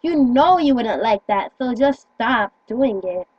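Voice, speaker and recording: A woman's voice: on the high side, animated, a little slow, no room sound, highs cut off. A teenage girl talking earnestly into a phone in casual chat, rambling and stumbling over her words. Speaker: teen vlogger.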